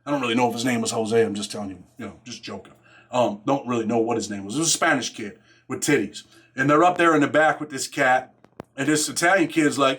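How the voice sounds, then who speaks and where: A man's voice: mid-range voice, animated, a little fast, a bit bright, slightly rough. A man hosting his own show, telling a story in a casual, streetwise, profane way and dropping "man" into nearly every phrase. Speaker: host.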